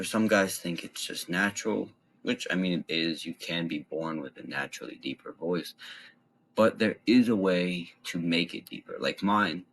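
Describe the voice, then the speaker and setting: A young man giving casual voice tips in a relaxed, rambling way with lots of fillers. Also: low voice, slight background noise, poor audio. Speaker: voice tips vlogger. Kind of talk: casual instructional talk.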